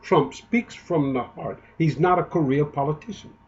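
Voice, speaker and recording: A man's voice: a little high, moderate pace, lo-fi sound. A man giving an indignant, emotional, rambling political monologue, often restarting his sentences. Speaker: political commentator.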